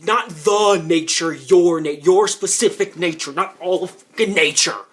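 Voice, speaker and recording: A man's voice: high-pitched, a little slow, a bit bright, slight background noise. A man giving argumentative commentary in reply to a clip, explaining at length with frequent restarts and the odd curse.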